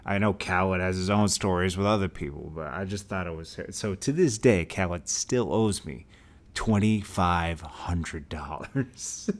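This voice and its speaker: Brief: young male vlogger, deep voice, casual storyteller who bursts into loud high-pitched impressions. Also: unhurried. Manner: animated, acts out quotes with loud high outbursts.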